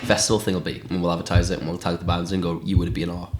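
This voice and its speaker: A man's voice: sits low, fairly even intonation, very fast, noisy background. A man co-hosting a casual podcast chat in a pub, laid-back and laughing often. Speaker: podcast co-host.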